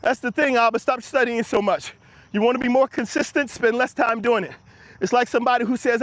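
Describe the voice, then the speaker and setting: Breathless high-voiced man hyping his viewers. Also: fairly quick. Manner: energetic, encouraging, answers viewers' comments. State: slightly out of breath from walking. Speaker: motivational livestream host. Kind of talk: live walk-and-talk motivational chat. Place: outdoors on an early-morning walk. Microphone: handheld camera while walking.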